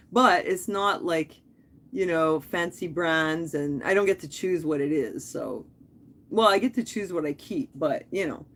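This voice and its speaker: Rambling, chatty woman live-streaming. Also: on the low side. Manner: rambling and chatty, jumping between topics. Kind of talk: casual live-stream chat.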